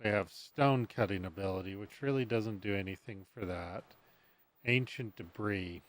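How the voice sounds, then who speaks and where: A man streams a building game, muttering and humming to himself as he builds and talking in a casual, rambling way. His voice is on the low side, at normal speed, in this laid-back gameplay commentary.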